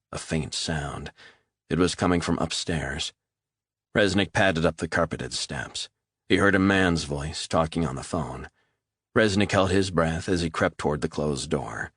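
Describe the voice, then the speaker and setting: A man reading a thriller audiobook as narrator, steady and measured. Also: sits low, breathy edge, dry recording, studio quality. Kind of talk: scripted narration.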